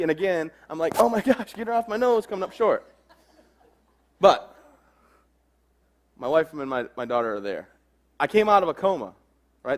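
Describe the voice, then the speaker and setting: Telling a joke-filled story to a crowd, a young motivational speaker keeps a brisk pace and slips into the voices of the people in it. His pitch falls in a middle range for a man.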